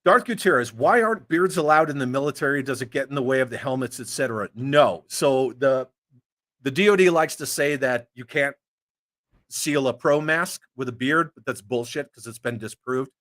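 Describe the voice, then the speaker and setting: Hosting a casual chat, a man with a mid-range voice reads out viewer comments at a moderate pace. He rants in an animated, profane way, swearing a lot.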